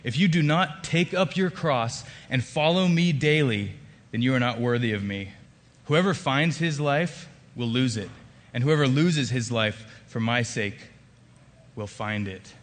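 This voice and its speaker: A man putting on a solemn spiritual teacher who warns his followers with emphatic, earnest phrasing. The voice sits at a middle pitch and close to the storyteller's own. A long reverb hangs behind it as in a big hall. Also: unhurried, natural voice.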